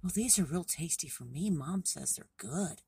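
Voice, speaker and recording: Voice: mid-range voice, animated, normal speed, creaky, dark tone, husky, pitched above the performer's own voice, exaggerated voice. A storyteller voicing a friendly young deer fawn with a cheerful, matter-of-fact manner.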